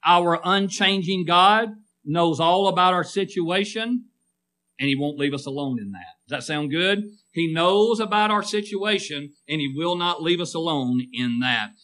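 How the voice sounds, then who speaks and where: Male preacher, bright tone, slightly high pitch, swells and drops for emphasis, calls for amens. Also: lively intonation, a little slow. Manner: call-and-response, asking the congregation for amens; rising and falling emphatic delivery. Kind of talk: sermon.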